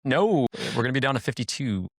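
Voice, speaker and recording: A man telling stories in casual chat on a podcast, animated and acting out quotes, with frequent swearing. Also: medium pitch, fast, no echo, clean studio sound. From Hispanic family background. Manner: animated storyteller, acts out quotes, swears freely. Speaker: podcast guest. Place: podcast studio.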